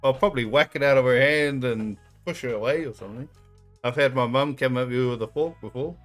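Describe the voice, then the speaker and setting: Aussie man, mid pitch, relaxed reaction host who acts out quotes, faint music under him. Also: a little fast. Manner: laid-back, joking, acts out quotes. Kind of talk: casual reaction chat.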